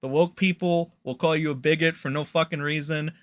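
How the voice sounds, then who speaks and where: A man ranting on a stream as he reads out tweets, swearing often and mocking, and at times rising into loud outbursts. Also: fairly high pitch, fairly even intonation, a little fast. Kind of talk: casual ranting commentary.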